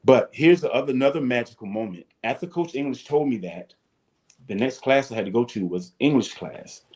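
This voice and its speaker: Brief: man, fifties, lively raconteur acting out coaches, mid-pitched. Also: a little fast. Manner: animated storyteller, acts out his coaches and shouts. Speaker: guest, former football player. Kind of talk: storytelling in a talk-show interview.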